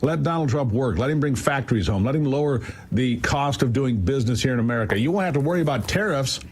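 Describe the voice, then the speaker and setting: A man's voice: mid-range voice, lively intonation, quick pace, darkish tone. Emphatic male political commentator. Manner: emphatic, incredulous, rhetorical questions. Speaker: guest commentator.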